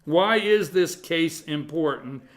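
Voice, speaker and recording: A man's voice: on the high side, lively intonation, slow. A man hosting a live morning show, rambling and self-deprecating, repeating himself and flaring up in bursts. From North Georgia. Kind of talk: casual talk-show monologue.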